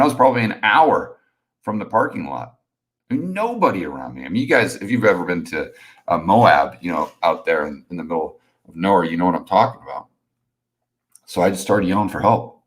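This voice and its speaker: A middle-aged man telling a personal story on a casual live stream, rambling with many restarts and fillers. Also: sits low.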